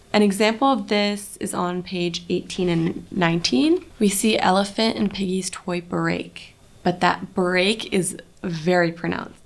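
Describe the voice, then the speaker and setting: A young woman hosting a podcast for parents in a recording studio, explaining read-aloud tips in an animated way. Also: fairly low pitch, creaky. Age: young adult. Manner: animated, bursts into dramatic read-aloud voices. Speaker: podcast host. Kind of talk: instructive podcast talk for parents.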